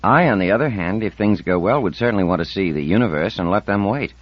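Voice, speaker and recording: A man's voice: low voice, expressive, quick pace, no echo. A man reading an audiobook, voicing a confident, persuasive woman scientist in her fifties. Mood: determined. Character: confident, determined woman scientist over fifty. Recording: dull dry audiobook recording.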